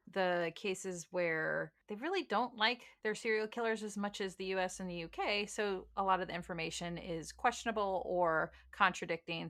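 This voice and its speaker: A Southern woman hosts a casual true crime podcast. She tells the case bluntly, with jokes and folksy slang. Her voice is bright and forward. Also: medium pitch. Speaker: podcast host, case narrator.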